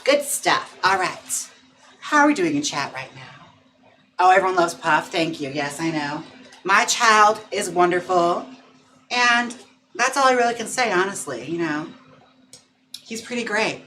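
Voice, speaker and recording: A man's voice: big pitch swings, normal speed, pushed and bright, a little hiss or hum. A man chatting casually and playfully on a livestream from home, laughing often and cooing at his dog. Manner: coos and coaxes his dog in a higher voice. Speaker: livestream host.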